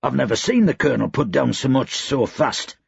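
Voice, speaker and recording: A man doing a teasing, higher-voiced soldier. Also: sing-song, fairly quick, vocal fry, breathy edge, dry recording, full character voice. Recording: dry, slightly dull recording.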